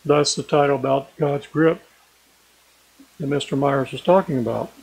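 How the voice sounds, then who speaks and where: A man preaching a sermon in an earnest way, slowing down and stressing key words as he reads scripture aloud. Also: mid-range voice, vocal fry, a little mellow, breathy edge, rough recording.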